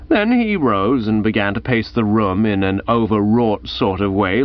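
Lively, arch male audiobook narrator. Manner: lively, arch storytelling with wide pitch swings. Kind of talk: first-person comic novel reading. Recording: dull lo-fi audiobook recording.

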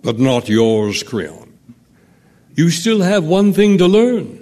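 A solemn, fateful chorus. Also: male voice, a little high, very animated, warm tone. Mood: ominous. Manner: measured, ominous. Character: solemn male chorus narrator, knowing and fateful. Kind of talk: radio play narration. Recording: faint music behind.

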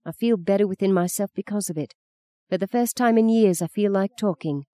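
Blunt, ironic old mother voiced by a woman narrator, knowing and pointed; dark, dry tone. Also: mid-range voice, brisk, no echo, voice pushed up, lightly acted. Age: older.

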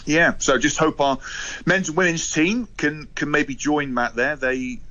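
A man's voice: on the high side, fairly even intonation, a little slow, sharp tone, highs cut off. A man on a radio show giving sports news in casual chat, full of fillers and restarts. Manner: hesitant, many fillers and restarts. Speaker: rugby union spokesman.

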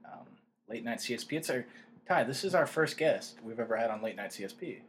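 A man co-hosting a podcast, talking in loose, slangy casual chat. His voice sits at an ordinary middle pitch, and a faint hiss of background noise runs under the recording. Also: lively intonation, brisk. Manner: laid-back, slangy, drawling. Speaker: podcast co-host.

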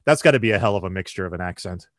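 A man hosting a podcast interview, relaxed and jokey, asking quick follow-up questions. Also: sits low, dry recording, studio quality. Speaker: podcast host interviewing a guest. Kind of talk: casual interview chat.

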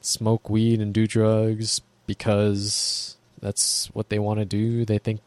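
A man's voice: on the low side, completely flat delivery, slow, a little mellow, dry recording. A man ranting casually to camera in a blunt, profane, rambling way.

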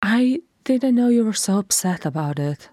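A woman reader voicing a brash, loud younger sister who teases gleefully, in a fan-read audiobook. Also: medium pitch, lively intonation, moderate pace, dry recording, studio quality, pitched above the performer's own voice, close to an everyday voice. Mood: earnest.

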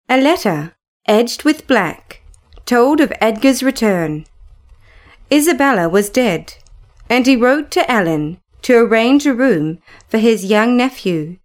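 A woman reads a classic story aloud with measured, clear storytelling. Her voice sits a little high. She takes her time over every line. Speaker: narrator. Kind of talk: scripted storybook narration.

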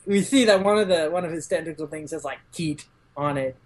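A woman guest on a podcast recapping a manga chapter in casual chat, using lots of "like" fillers and acting out the characters' lines in quick, raised voices. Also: low-pitched, darkish tone.

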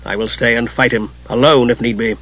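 A man voicing a stern, grim male god in an audiobook, speaking gravely. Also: mid-range voice, steady tone, brisk, fairly bright tone, no room sound. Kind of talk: audiobook character reading. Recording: muffled lo-fi recording.

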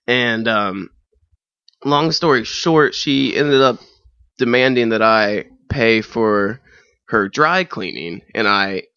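A young man with a bright, forceful voice tells a rambling anecdote in a relaxed chat, jumping into lively impressions of the people in it. The sound is dry and close, with a slightly dull top end. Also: medium pitch, takes it slowly, clean tone, no echo. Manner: animated, acts out other people's voices in the anecdote. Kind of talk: casual conversational storytelling.

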